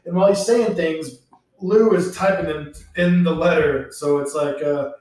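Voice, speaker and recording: A man chatting casually on a podcast as he recaps a TV episode, slipping into the characters' lines with a laid-back delivery. His voice sits a little high for a man and is picked up from a distance. A very echoey room surrounds him. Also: fairly even intonation, moderate pace, darkish tone. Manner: laid-back, recounts scenes by acting out lines. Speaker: podcast co-host.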